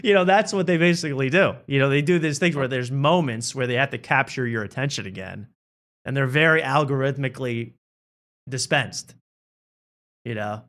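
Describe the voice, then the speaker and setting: A man's voice: mid-range voice, moderate pace, fairly bright tone. A man hosting a talk show, riffing in a rambling, joking way. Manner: rambling, riffing, laughs at own bits. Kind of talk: casual comedic chat.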